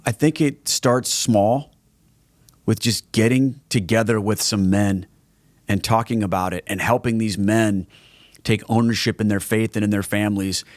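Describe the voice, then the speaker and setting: A man's voice: lowish voice, fairly even intonation, normal speed, dry recording. Earnest middle-aged man, dry close sound. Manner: earnest, conversational, restarts phrases. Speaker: guest, Catholic evangelist. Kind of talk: podcast conversation.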